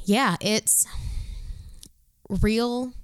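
A woman co-hosting a casual chat show, talking in a relaxed, blunt way and swearing now and then. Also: on the high side, drawn-out words, clean tone, no echo, studio quality. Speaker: podcast co-host.

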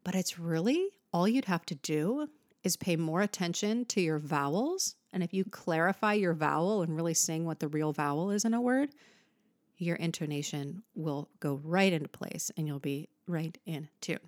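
A woman's voice: on the low side, expressive, moderate pace, no room sound, studio quality. A woman singing teacher explaining vocal technique to viewers in a patient, explanatory way, posing rhetorical questions.

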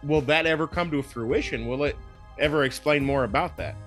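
A man co-hosting a casual chat, enthusiastic and quick to laugh. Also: a little high, a bit bright, soft background music. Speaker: co-host.

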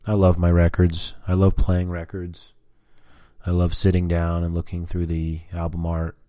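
Deep, dark-voiced man chatting casually. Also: monotone, normal speed, dry recording. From US Southwest. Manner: rambling, frequent fillers and cursing. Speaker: vlogger. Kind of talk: casual personal vlog chat.

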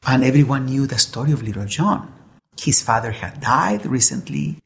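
A preacher delivering a sermon, weaving a story into the message. The voice is gravelly with a touch of fry, and the delivery is earnest, with frequent restarts as words are sought. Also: medium pitch, sing-song, normal speed. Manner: earnest, repeats words while searching for them.

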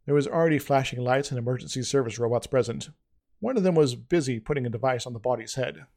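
A man's voice: mid-range voice, fast, a little mellow. A man reading his own story aloud in a casual way, with frequent slips and restarts.

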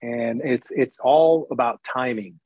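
A man's voice: medium pitch, breathy edge, no room sound. Middle-aged male guest, frank and plain-spoken, stop-start delivery, dull dry lo-fi sound. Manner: candid and blunt, with sarcastic asides; talks in quick bursts with many restarts. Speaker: interview guest, former baseball broadcaster. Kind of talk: casual interview talk. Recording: dry, slightly dull lo-fi recording.

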